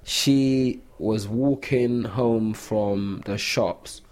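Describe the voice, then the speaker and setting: A man's voice: lowish voice, very slow, darkish tone. A man, telling a long story in a casual podcast chat, full of "like" fillers. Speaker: podcast co-host.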